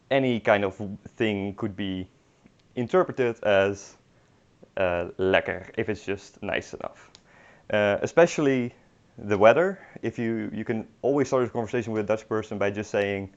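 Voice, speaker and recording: A man's voice: lowish voice, a little slow. A young man teaching a beginner language lesson online, hesitant with many ums and restarts, with dry humor. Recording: dull lo-fi recording.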